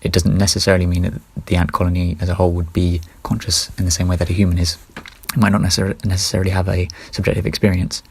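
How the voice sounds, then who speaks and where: Low gravelly man musing aloud. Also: level tone, fast talker, hardly any pauses, a little mellow. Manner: rambling, self-correcting, offhand. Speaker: solo vlogger. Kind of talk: casual musing monologue.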